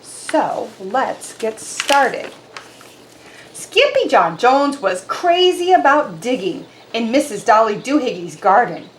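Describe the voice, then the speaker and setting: A woman reads a picture book aloud for children with animated, expressive storytelling. Her fairly high voice rises and falls freely. The recording is roomy, with a faint hum behind it. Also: slow.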